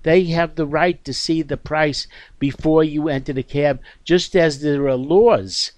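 A man's voice: on the high side, steady tone, measured pace, a little mellow, dry recording. A man hosting a talk show, speaking casually and emphatically, repeating himself and checking in with his listener. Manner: repetitive, emphatic, checks in with "okay? all right?".

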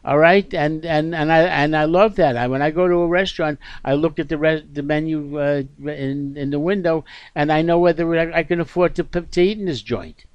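A man's voice: on the high side, brisk, few pauses, smooth, no room sound, dull audio. A man hosting a talk show, speaking casually and emphatically, repeating himself and checking in with his listener. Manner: repetitive, emphatic, checks in with "okay? all right?".

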